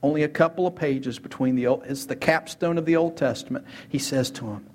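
A man delivers a sermon from the pulpit with emphatic energy, pressing his listeners with rhetorical questions and repeating key words for weight. His voice is fairly high for a man and has a husky edge. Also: a little fast, darkish tone. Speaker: pastor.

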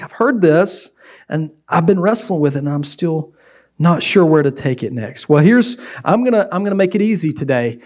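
A middle-aged man delivers a sermon as a pastor. He preaches with animation and slips into acted-out scenes. His voice sits somewhat high for a man. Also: darkish tone.

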